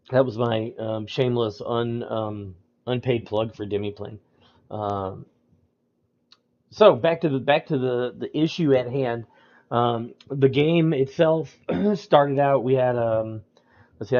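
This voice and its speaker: A man's voice: mid-range voice, lo-fi sound. A man running tabletop games, talking casually on a livestream, rambling with frequent ums and restarts. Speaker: storyteller discussing a tabletop game.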